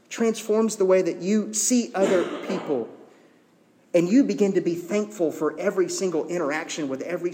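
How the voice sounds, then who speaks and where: Earnest pastor preaching in an echoing hall. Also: male voice, fairly high pitch, a little mellow. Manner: earnest, conversational, teasing asides. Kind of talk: sermon.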